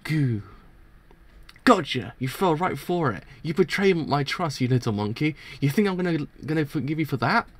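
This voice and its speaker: A man doing a squeaky, shrill voice for an erratic young woman inmate while reading a manga aloud. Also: animated, moderate pace. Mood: scheming.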